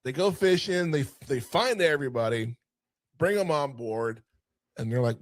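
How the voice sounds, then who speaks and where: A man co-hosting a casual film review podcast, retelling scenes in an animated way with lots of swearing. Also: a little high, moderate pace, no room sound. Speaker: podcast co-host.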